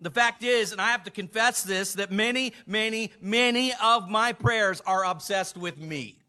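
An older man preaching a sermon, measured and emphatic, lifting his voice for quoted lines. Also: sits high, pushed and bright. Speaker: pastor.

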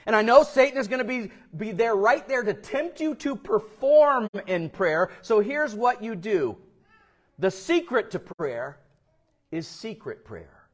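A male pastor preaching a sermon, telling stories and acting out the people in them with big swings in loudness. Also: high-pitched, lively intonation, a little slow. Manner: storytelling, acts out quoted voices with big swings in loudness.

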